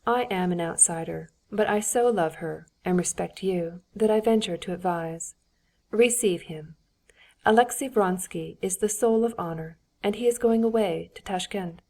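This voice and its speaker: A woman's voice: on the low side, normal speed, vocal fry, a little mellow. A woman voicing Betsy, an ironic society princess. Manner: affable, ironic, persuasive.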